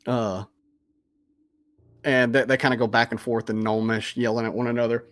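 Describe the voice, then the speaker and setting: A man's voice: medium pitch, flat delivery, normal speed, a bit bright, no room sound. A man, casually narrating a tabletop game as game master. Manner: casual, lots of fillers.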